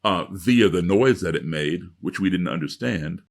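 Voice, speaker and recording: Middle-aged male guest, raspy and gravelly, lively pitch, emphatic lecturing storyteller. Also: moderate pace. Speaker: guest speaker. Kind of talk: storytelling interview.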